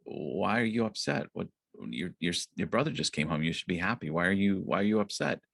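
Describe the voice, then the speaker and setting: A man doing a gentle, forgiving father. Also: deep voice, expressive, fairly quick, creaky, dry recording, studio quality, exaggerated voice. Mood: puzzled.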